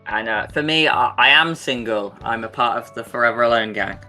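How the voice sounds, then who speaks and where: A man's voice: mid-range voice, a little fast, bright, forceful tone, faint music behind. A man co-hosting a podcast, chatty and enthusiastic, with casual swearing. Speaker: podcast co-host. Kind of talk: casual Q&A chat.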